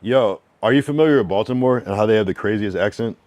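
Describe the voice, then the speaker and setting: Streamer man from New England, low voice, casual and blunt, chats with viewers and reads their messages out. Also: darkish tone, no room sound. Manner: frank, loose, reads chat messages aloud and answers them; drawn-out slang-filled musing with many fillers. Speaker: livestreamer giving feedback to chat. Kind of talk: casual livestream chat.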